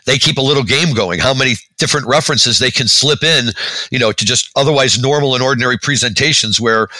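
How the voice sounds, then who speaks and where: A man's voice: medium pitch, fast talker, pushed and bright, dry recording, low-quality recording. A middle-aged man co-hosting a podcast, chatting casually and telling rambling stories with lots of fillers. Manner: rambling, storytelling with many fillers. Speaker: podcast co-host. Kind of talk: casual chat.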